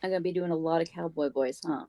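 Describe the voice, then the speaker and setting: A woman chatting as a guest on a game stream, excitable and enthusiastic. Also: sits low, fast talker, a loud crowd. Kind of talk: casual chat.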